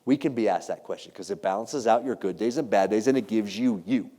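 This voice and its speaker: A middle-aged American man gives a motivational keynote in a large hall before a live audience, animated and joking as he tells stories and acts out the voices of the people in them. His voice is on the low side and brisk. Long hall reverb trails his words.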